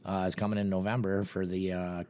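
A man's voice: deep voice, little pitch movement, a little fast, warm tone, clean tone. Crude, laughing man telling stories. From Ireland. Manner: crude, laughing, loose storytelling with many restarts. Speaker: podcast co-host. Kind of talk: casual chat.

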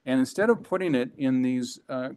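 A man, a guest and former franchise executive, telling a business story in conversation, emphatic and animated with quick restarts. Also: mid-range voice, smooth.

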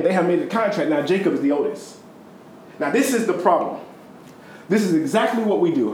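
A man preaching a sermon, retelling a story in a conversational way with sudden high, emphatic stretches and low, quiet ones. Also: echoey room, a little hiss or hum, rough recording.

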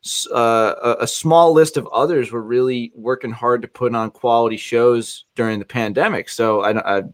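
A man's voice: medium pitch, fairly even intonation, normal speed. A man hosting a podcast, chatting casually, joking and restarting his sentences as he goes. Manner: rambling, jokey, many restarts. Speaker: podcast host.

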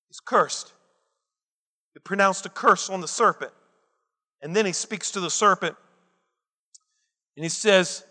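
A man's voice: high voice, sharp tone. A man preaching a sermon with emphatic delivery, posing rhetorical questions to his listeners. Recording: long reverb of a large hall.

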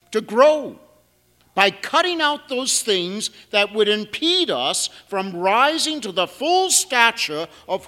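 A man's voice: high voice, bright, forceful tone. A man who is a priest, preaching a homily, telling a story with dry humor and lifting his voice on key words. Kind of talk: sermon. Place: large church. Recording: long church reverb.

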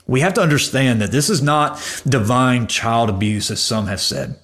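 A man preaching a sermon, earnest, rising for emphasis and dropping to hushed low lines. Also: moderate pace.

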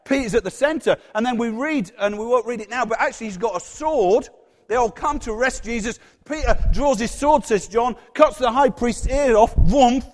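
This Yorkshire-accented preacher talks at a normal speed in a very high voice. His sermon is conversational: he quizzes the congregation and performs different voices, all captured with a long hall reverb.

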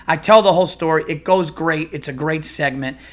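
Rambling, profane comedian telling stories. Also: male voice, a little high, brisk, fairly bright tone. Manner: rambling, profane, many restarts. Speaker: comedian and podcast host. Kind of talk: casual storytelling monologue.

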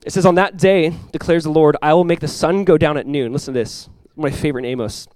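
A man preaching a sermon as pastor, emphatic, rising and swelling when he quotes scripture, with quick conversational asides. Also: fairly high pitch, a little mellow, no echo.

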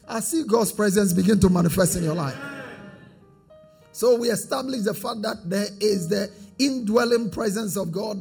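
A man's voice: sits high, vocal fry. A man preaching a sermon as pastor, drifting into a sing-song cadence and calling for the congregation to repeat after him.

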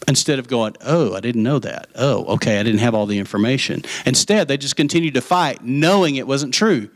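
Guy preaching, acts out the characters, gets loud and excited then drops to a whisper. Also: mid-range voice, fairly quick. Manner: animated storytelling, acting out voices of the parable. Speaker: pastor. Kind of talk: sermon.

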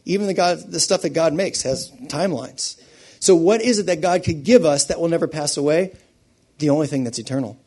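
A man preaching a sermon with animated delivery, swinging between loud emphasis and quiet asides and laughing often. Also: a little high, brisk.

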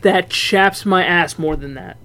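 A man co-hosting a casual podcast, chiming in with quick reactions and swearing. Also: high-pitched, a crowd in the background. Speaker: podcast co-host.

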